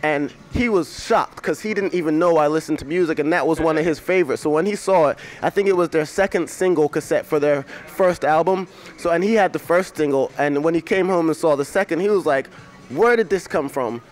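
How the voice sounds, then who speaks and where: A young man from England, raised in America, talking as a rapper guest in a relaxed, joking, rambling way. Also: a little high, brisk, hardly any pauses, faint music behind. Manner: joking, laid-back, rambling storyteller. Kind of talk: casual interview chat.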